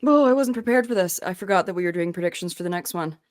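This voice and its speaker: A woman with a Canadian accent co-hosting a casual sports podcast, chatty and quick to laugh. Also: fairly low pitch, lively intonation, no room sound. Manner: chatty, laughs often, uses "like". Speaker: podcast co-host.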